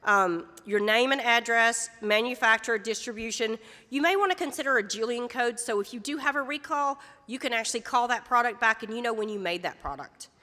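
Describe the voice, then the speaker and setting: A woman's voice: fairly high pitch, a little fast, bright, forceful tone. Chatty woman presenting in echoey hall. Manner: chatty, folksy, with many fillers and asides. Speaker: extension presenter on food labeling. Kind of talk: casual workshop presentation. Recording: echoey hall with long reverb.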